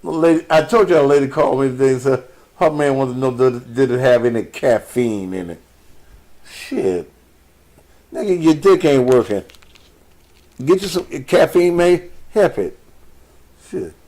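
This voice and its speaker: A man's voice: medium pitch, normal speed, pauses often, darkish tone. Guy running a call-in show, crude and joking, swears a lot, mid voice. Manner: crude, profane, joking banter. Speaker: radio call-in show host, addressed as pastor. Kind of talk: live call-in talk show.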